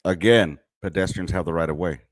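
Blunt, low-voiced man hosting a podcast. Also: a little fast. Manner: blunt, profane, joking military slang. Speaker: podcast host; military veteran. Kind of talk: casual commentary on clips.

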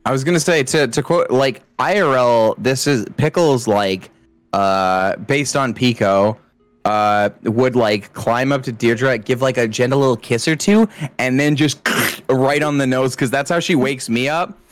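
A man's voice: medium pitch, a little slow, no room sound. A man chatting casually as a tabletop game player, rambling through a story and laughing as he goes. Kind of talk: casual chat.

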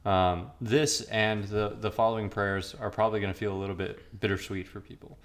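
Low-voiced man explaining liturgy. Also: fairly even intonation, fairly quick. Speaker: podcast co-host. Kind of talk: casual chat about liturgy.

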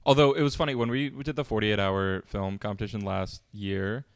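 In a studio-quality, dry recording, a young man co-hosting a podcast rambles through casual chat, heavy on fillers and jokes at his own expense. He has a fairly low, smooth voice with fairly even intonation and a fairly quick pace.

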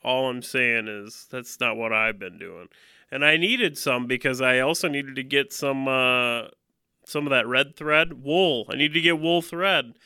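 A man's voice: mid-range voice, measured pace, pushed and bright, smooth, dry recording, clean studio sound. A man co-hosting a casual chat about a game, joking and acting out scenes. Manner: joking, acts out scenes with funny voices. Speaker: podcast co-host.

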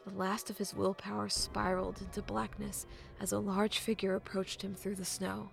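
A woman reading a novel aloud as an audiobook narrator, measured and often dropping to a hushed half-whisper. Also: mid-range voice, little pitch movement, gravelly, faint music behind.

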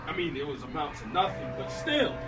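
A man in rowdy casual chat with friends, loud and animated, often laughing and shouting. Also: a little high, brisk, far from the mic, over loud music.

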